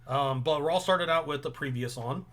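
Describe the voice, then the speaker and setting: A young man hosting a casual review show, relaxed and rambling with lots of ums. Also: a little high, normal speed. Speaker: host. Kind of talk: casual chat.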